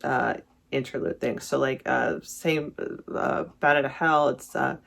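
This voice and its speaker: This music reviewer's mid-range voice is gravelly and fairly bright, with a steady tone and a slightly slow delivery. While ranking songs, the vlogger rambles casually, corrects themselves often, and enthuses about the tracks they love.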